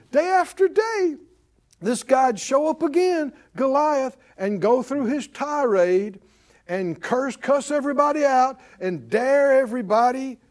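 A man preaching a sermon, telling a story with animated, acted-out voices. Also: very high voice.

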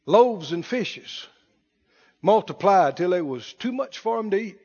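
A man preaching a sermon in call-and-response style, building to shouted emphasis. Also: high-pitched, expressive, unhurried, big-room sound, lo-fi sound. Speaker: pastor.

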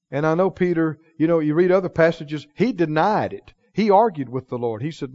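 A man preaching a sermon in church, emphatic, drawing call-and-response from the congregation and slowing down to stress key phrases. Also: high-pitched, big pitch swings, darkish tone, dull audio. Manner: slows for key phrases, acts out dialogue in quoted voices. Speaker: pastor.

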